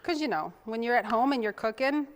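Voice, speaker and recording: A woman's voice: on the high side, expressive, brisk, a little hiss or hum. A woman hosting a casual cooking demonstration, chatting to viewers in a homey way while she chops and mixes, sometimes drifting away from the mic. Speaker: cooking show host.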